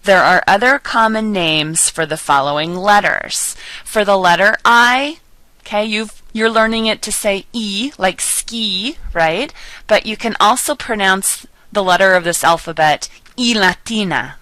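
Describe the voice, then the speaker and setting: A woman giving a recorded lecture as a language teacher, patient and explanatory, slowing down to enunciate example words clearly. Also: medium pitch, bright, forceful tone, dry recording, rough recording. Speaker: Spanish teacher.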